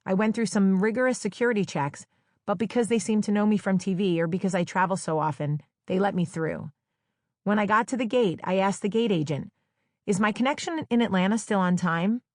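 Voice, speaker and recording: A woman from New Jersey reads her own memoir in a wry, conversational storytelling style, slipping into playful quoted dialogue. Her voice sits somewhat low for a woman. The recording is close and dry, with no room sound. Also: no room sound. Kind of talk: audiobook memoir narration. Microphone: close studio microphone.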